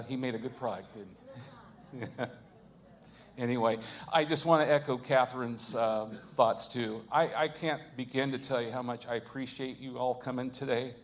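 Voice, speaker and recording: A man's voice: mid-range voice, slight background noise. A man hosting a live concert, chatting in a rambling way with many fillers and chuckles. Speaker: concert host. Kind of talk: casual live emcee chat. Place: church concert.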